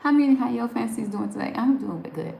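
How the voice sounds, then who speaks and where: A woman's voice: fairly high pitch, lively intonation, a little fast, creaky, warm tone. A woman from New Jersey with a Southern accent, rambling and laughing as she chats with viewers on a live stream. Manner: chatty, rambling, laughs often. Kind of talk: casual chat reading viewer comments. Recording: echoey room with faint background noise.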